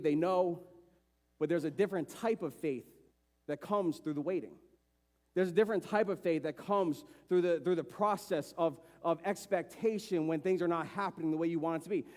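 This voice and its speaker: A man pastor preaching a sermon with passion, acting out the voices of people he quotes. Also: a little mellow. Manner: impassioned, acts out dialogue with rising pitch. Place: church sanctuary. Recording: long church hall reverb.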